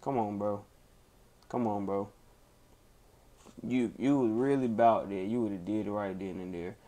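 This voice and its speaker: A man's voice: on the low side, steady tone, a little slow, warm tone, lightly acted. A man acting out an angry young man who storms off for bear spray, groaning and sighing theatrically. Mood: mock fuming. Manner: fuming, theatrical sighs and groans.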